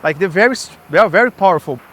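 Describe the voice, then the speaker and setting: A man's voice: high voice, animated, racing, fairly bright tone. A man vlogging while skating through an outdoor park, out of breath and rambling off topic, talking into a camera he holds or straps to his body. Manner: rambling, chatty, self-interrupting asides. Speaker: skate builder vlogger. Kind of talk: casual vlog while skating. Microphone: camera held in hand or strapped to body.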